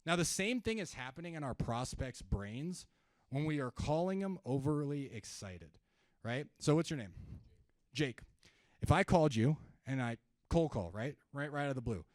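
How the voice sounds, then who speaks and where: A man's voice: mid-range voice, moderate pace, dry recording. A young man giving a sales seminar to a live audience, joking with the crowd and acting out phone calls in contrasting tones. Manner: energetic, jokey, acts out calls in contrasting tones. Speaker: sales trainer. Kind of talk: live seminar talk with role-played calls. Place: event room, speaking to audience.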